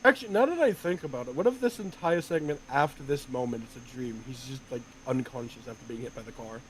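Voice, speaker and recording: A young man co-streaming a visual novel read-along, chatting casually with rambling comments and quick quips. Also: mid-range voice, a little hiss or hum, poor audio.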